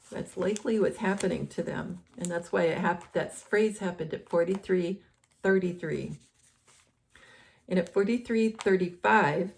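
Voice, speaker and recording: Gravelly-voiced woman rambling through commentary. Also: on the low side, measured pace. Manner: rambling, many fillers and restarts. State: losing her voice. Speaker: host. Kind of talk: casual decoding commentary.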